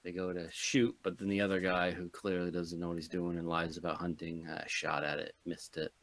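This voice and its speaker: A man's voice: low-pitched, flat delivery, brisk, a bit bright. A man co-hosting a casual movie podcast, recounting a plot dryly in short, plain sentences. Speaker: podcast co-host.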